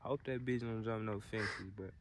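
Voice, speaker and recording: A man's voice: lowish voice, steady tone, moderate pace. A young man, chatting casually and profanely to his phone camera as a vlogger. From Alabama, US. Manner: slangy, profane, rambling. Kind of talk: casual chat. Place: outdoors in rural desert. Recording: outdoor phone video with noise.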